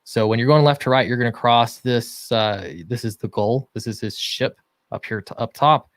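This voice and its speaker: A man co-hosting a relaxed livestream, walking through his comic script with eager energy and plenty of fillers. His voice sits at an ordinary pitch for a man, and the sound is close and dry with no room echo. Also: moderate pace. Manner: enthusiastic explaining with many fillers. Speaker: comic book writer and co-host. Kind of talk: casual livestream chat.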